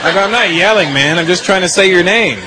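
A man's voice: high voice, fast talker. A young man performing a stand-up comedy set, telling stories and slipping into character voices. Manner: animated storytelling with put-on character voices. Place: comedy venue with live audience. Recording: live show with loud audience laughter and noise.

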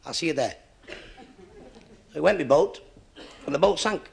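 A man telling joke stories to a live audience and doing quick voices for his characters. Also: on the high side, expressive, creaky, slightly rough. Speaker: stand-up comedian.

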